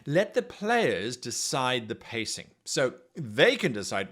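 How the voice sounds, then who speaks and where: A man's voice: mid-range voice, very animated, slow, hardly any pauses, fairly bright tone. A man hosting an instructional video, giving game master advice in an enthusiastic, conversational way.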